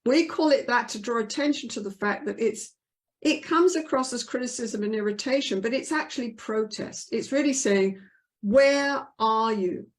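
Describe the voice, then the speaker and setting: A woman's voice: fairly high pitch, moderate pace. An older woman, a couples therapist, answering interview questions in an earnest, emphatic way and acting out the voices she quotes.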